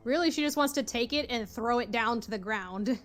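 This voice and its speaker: A woman's voice: on the high side, a little fast, soft background music. A woman playing a tabletop game, casual and laughing, swearing freely as she describes her character's moves. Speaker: player.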